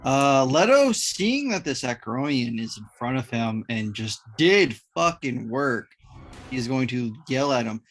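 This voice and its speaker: A man playing in a tabletop game, excited and boastful about his rolls, swearing casually. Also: medium pitch, a little slow. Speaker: player.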